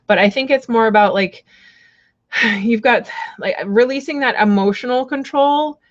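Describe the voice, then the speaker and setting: A woman's voice: fairly high pitch, measured pace, dull audio. Giggly rambling woman reading cards. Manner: giggly, apologetic, rambling with many fillers. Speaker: card reader on a live stream. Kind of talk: casual live-stream chat.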